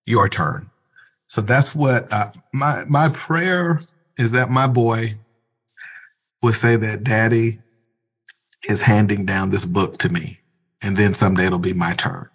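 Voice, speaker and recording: A pastor speaks in a low, slightly husky voice, earnest and reflective as he talks through his thoughts. His tone is conversational, and now and then he leans into animated asides. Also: unhurried, long pauses. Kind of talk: conversational interview.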